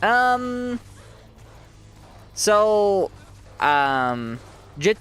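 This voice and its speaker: A man's voice: high voice, big pitch swings, drawn-out words, fairly bright tone, clean tone. A man streaming a game, giving casual commentary while chatting with his viewers, joking at his own expense and laughing often.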